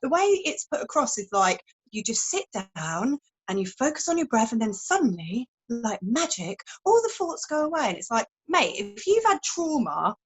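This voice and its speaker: A woman's voice: a little high, big pitch swings, moderate pace, breathy edge, rough recording. A woman guest on a podcast, talking frankly and chattily about meditation, with some swearing and playful images. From fishing village. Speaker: meditation teacher and wellbeing guest. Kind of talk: casual podcast chat.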